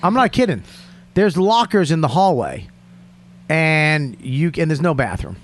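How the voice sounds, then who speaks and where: A man's voice: fairly high pitch, sing-song, a little slow. Stammering, swearing male podcast host. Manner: stammering, swearing, punchy bursts. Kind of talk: casual chat.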